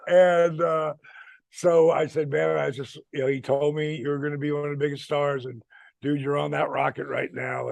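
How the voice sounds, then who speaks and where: Man in his 60s, gravelly voice, fairly high pitch, dry close sound, lively storyteller acting out quotes. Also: dry recording. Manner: animated storyteller, acts out quotes, swears freely. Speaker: retired wrestler telling stories. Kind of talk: casual storytelling chat.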